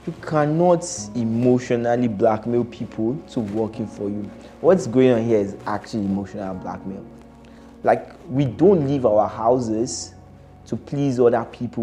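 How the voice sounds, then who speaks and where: A man's voice: medium pitch, warm tone. Man with blunt, laughing commentary. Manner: laughs often, repeats himself, casual and blunt. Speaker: employer reacting to a video. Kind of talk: reaction video commentary.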